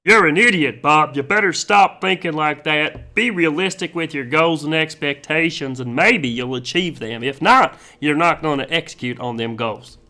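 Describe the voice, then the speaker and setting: A man's voice: a little high, moderate pace, hardly any pauses, bright, forceful tone. A man doing a put-on accent as a blunt, scolding figure.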